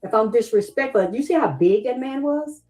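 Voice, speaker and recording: A woman's voice: on the high side, expressive, moderate pace, mellow, soft background music, poor audio. A middle-aged woman with a Southern US accent, talking on a livestream and pressing her viewers with the same questions over and over, stopping to thank them and read their comments aloud. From Southern United States. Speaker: livestream host. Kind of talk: emotional livestream talk to viewers.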